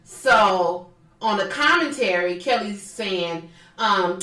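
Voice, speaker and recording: A woman's voice: medium pitch, moderate pace, fairly bright tone, distant mic. A woman co-hosting a podcast, chatting casually and profanely about a reality show and mimicking the people in it. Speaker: podcast co-host. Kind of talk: casual chat recapping reality TV. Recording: echoey room, off mic.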